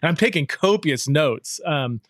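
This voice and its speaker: A man's voice: fairly high pitch, lively intonation, measured pace, fairly bright tone, no room sound. A man hosting a podcast interview, asking casual, rambling questions. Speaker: podcast host.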